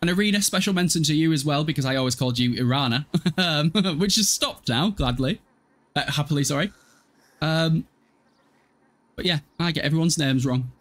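A man's voice: fairly high pitch, moderate pace, fairly bright tone. A man in his twenties casually commentating a life-sim game live, chatty, swearing freely and answering chat. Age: 20s. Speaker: game streamer.

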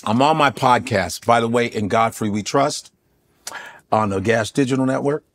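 A man's voice: mid-range voice, normal speed. A male comedian in casual conversation, telling loose, profane stories and slipping into voices. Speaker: comedian and podcast host, guest. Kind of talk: casual storytelling chat.

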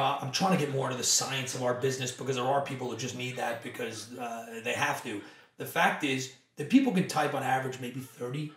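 Here a man with a mid-range voice, a company co-founder, guests on a podcast in a lively, conversational interview. He speaks emphatically and persuasively, even performing the lines he quotes. The room echoes, and he's far from the microphone.

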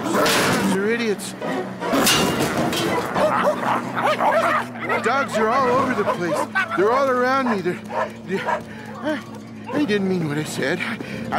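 Garfield, a sarcastic cartoon cat. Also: male voice, a little high. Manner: sarcastic, smug, drawling. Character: lazy sarcastic male orange cartoon cat. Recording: music bed under dialogue.

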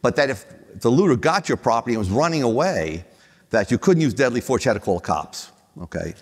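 Older male panelist, anecdotal, halting delivery, mid-pitched voice, long hall reverb. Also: very animated, breathy edge. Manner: rambling, many restarts, chuckles at own stories.

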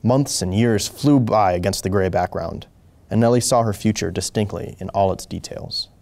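A man reading a short story aloud as host, slow and deliberate with occasional small slips. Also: on the low side, gravelly, darkish tone. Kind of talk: measured story narration.

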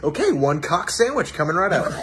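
A man acting out comedy sketches with a deadpan delivery. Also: a little high, brisk.

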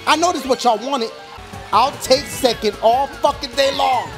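A man giving loud, excited let's-play commentary, full of profane trash talk and yelling. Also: very high-pitched, a little slow. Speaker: gaming commentator. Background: game music.

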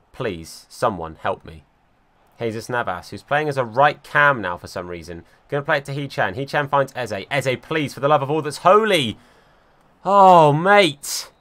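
A young man giving live commentary over his football video game, swinging from calm play-by-play to exasperated outbursts. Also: medium pitch. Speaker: gaming YouTuber.

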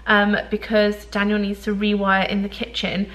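A woman's voice: medium pitch, completely flat delivery, normal speed, fairly bright tone. Chatty woman vlogging at home. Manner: chatty, rambling, self-deprecating, lots of fillers. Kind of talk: casual vlog chat.

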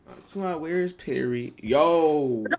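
A man's voice: a little high, slow pace, background noise. Joking, profane streamer man. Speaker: streamer on a random video chat app. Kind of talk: casual chat.

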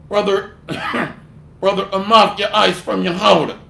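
High gravelly preacher rebuking fiercely. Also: male voice, level tone, takes it slowly, bright, forceful tone. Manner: scolding, fiery rebuke; mocks others in put-on voices. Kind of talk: sermon. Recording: echoey room.

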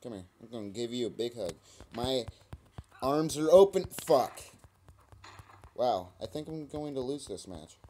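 A young man gives unhurried let's-play commentary over a mobile wrestling game. He taunts and swears at his opponent in a mid-pitched voice. Faint noise and screen taps sit under the voice. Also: lively intonation, warm tone. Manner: trash-talking, taunting, swearing. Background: screen tapping clicks.

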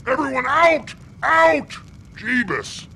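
A man playing Satan as a casual, deadpan office boss in a comedy sketch. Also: very high voice, takes it slowly, gravelly, very noisy, heavily acted. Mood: exasperated. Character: Satan, exasperated boss of Hell, male.

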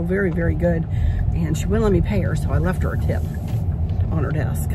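A woman in her sixties hosting a casual vlog, chatting candidly and emotionally from the driver's seat of a car. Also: medium pitch. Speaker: craft and decor channel host. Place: inside a car. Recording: noisy car interior.

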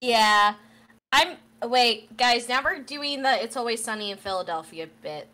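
A woman's voice: a little high, animated, a little slow, pushed and bright. A woman chatting on a game stream who keeps nudging the group back on track.

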